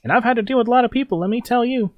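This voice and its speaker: A man's voice: extremely high pitch, racing, no room sound, studio quality, pitched above the performer's own voice. A man voicing a pompous, theatrical male gang leader who sounds grandly mock-polite and threatening.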